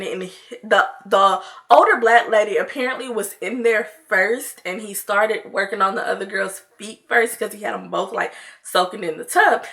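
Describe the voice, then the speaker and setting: A woman's voice: medium pitch, fairly bright tone. A woman vlogger telling a story in casual chat, with laughing asides to her viewers.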